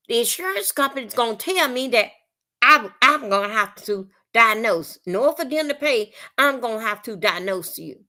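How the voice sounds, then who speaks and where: A woman hosting a casual livestream, talking bluntly and profanely in an animated, storytelling way. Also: on the high side, normal speed. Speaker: livestream host. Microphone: phone or webcam on livestream.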